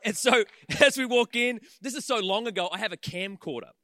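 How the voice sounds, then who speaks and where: A man around forty preaching a sermon in a large auditorium, an animated storyteller who throws quick humorous asides to his audience. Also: sits high, dry recording. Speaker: pastor.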